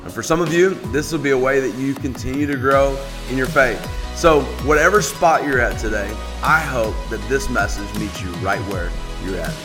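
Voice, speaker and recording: A man and pastor welcoming podcast listeners before a sermon, in a warm, inviting way. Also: mid-range voice, normal speed, hardly any pauses. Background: music bed.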